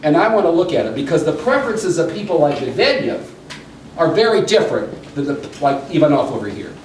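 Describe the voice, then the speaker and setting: Middle-aged male lecturer, hurried and excitable, lively high voice, recorded from afar in an echoey room. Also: a little hiss or hum. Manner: hurried, excitable, many restarts. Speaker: political science lecturer. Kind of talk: animated public lecture. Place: breakfast meeting room. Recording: echoey room, mic far off.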